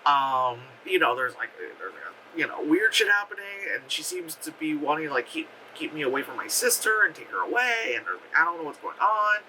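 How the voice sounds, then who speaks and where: Bright-voiced man ranting through a movie recap. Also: on the high side, a little fast, few pauses, slight background noise, low-quality recording. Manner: profane, many fillers, animated retelling. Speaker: movie reviewer. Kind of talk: casual rambling film review.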